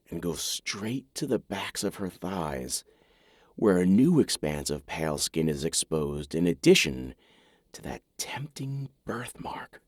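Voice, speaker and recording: A man's voice: a little mellow, no room sound, studio quality. A man narrating a romance audiobook in the first person, wry and intimate in manner. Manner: wry, intimate, low-key.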